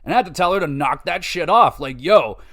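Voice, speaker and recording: A man's voice: fairly high pitch, fast talker. A man hosting a podcast, rambling casually and swearing as he retells game stories. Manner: rambling, profane, animated retelling with quoted voices. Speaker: podcast host. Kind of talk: casual game-review chat.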